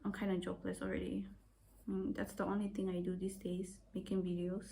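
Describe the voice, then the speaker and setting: A woman's voice: medium pitch, monotone, brisk, creaky, warm tone, a little hiss or hum. A woman in her twenties with an accent that mixes British and Australian, rambling and self-deprecating as she talks to her own camera. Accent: mixed British and Australian. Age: 20s. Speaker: vlogger. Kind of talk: casual rambling vlog.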